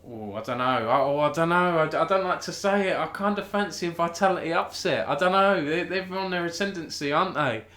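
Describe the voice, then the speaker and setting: A man's voice: a little high, brisk, hardly any pauses, fairly bright tone, roomy sound. A British man hosting a casual live-streamed esports news chat. He talks in a chatty way, restarts often and thinks aloud.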